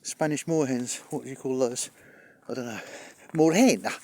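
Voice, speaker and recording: Out of breath as he climbs a hill by the water, a middle-aged man vlogs casually, chatty and rambling with dry wit and mild swearing. His mid-range voice has a darkish tone and moves at a moderate pace.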